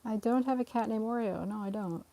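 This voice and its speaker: A woman's voice: brisk, mellow, dry recording. A young woman chatting casually on a live stream at home while her rescue cats play, laughing often and cooing at the cats. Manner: giggly, chatty, talks to the cats in a high coaxing voice. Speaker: cat rescue livestreamer.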